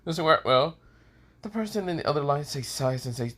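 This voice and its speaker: A man's voice: on the high side, expressive, a little fast, fairly bright tone. A man improvising a fan story aloud, rambling with many fillers and restarts.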